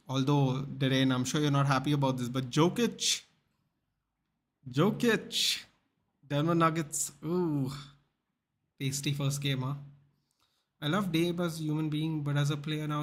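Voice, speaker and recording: A young man hosting a live football watchalong, chatting casually, reading the chat and retelling clips in a rambling way. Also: fairly high pitch. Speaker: live stream watchalong host.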